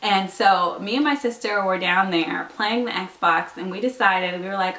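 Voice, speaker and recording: A woman's voice: medium pitch, moderate pace, few pauses, a bit bright. A young woman telling a story to her vlog camera in a casual, giggly way, full of likes and ums. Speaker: vlogger. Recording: echoey room, mic a bit far.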